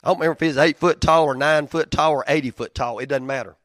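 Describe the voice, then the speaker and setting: Pastor with a dry sound. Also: male voice, fast, dry recording. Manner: conversational, storytelling with big swings in loudness and pitch. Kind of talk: sermon.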